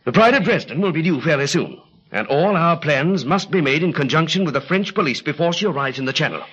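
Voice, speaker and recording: An actor playing a plucky British special agent, in clipped, breezy 1940s radio-drama style. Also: male voice, a little high, animated, brisk, a bit bright, breathy edge. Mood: brisk. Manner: clipped, breezy upper-class British banter. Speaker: lead character in radio drama. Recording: dull lo-fi vintage radio recording.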